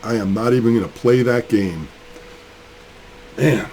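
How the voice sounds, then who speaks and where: A man's voice: medium pitch, measured pace, dark tone, slight background noise. A man, fired up and ranting in a casual vlog while building a mining rig, sick with a cold. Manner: angry, fired up, rambling. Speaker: crypto mining channel host.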